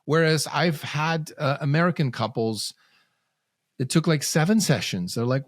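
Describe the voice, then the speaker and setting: In a casual podcast conversation, a guest parenting coach speaks earnestly, often repeating words while he collects his thoughts. His voice is on the high side and a little slow, captured with studio quality and no echo.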